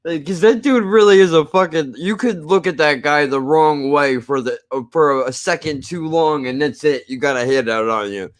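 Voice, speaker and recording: A man's voice: fairly high pitch, moderate pace, few pauses. Profane, rambling New Jersey man. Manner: rambling, profane, laughs often. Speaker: film podcast co-host. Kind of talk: casual film review chat.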